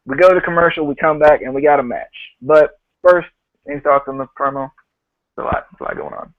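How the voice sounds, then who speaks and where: A man's voice: fairly high pitch, fairly quick, dry recording, phone-quality sound. Chatty man recapping with frequent laughs. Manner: laughs often, quotes others in a loose retelling. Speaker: podcast host. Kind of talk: casual podcast recap.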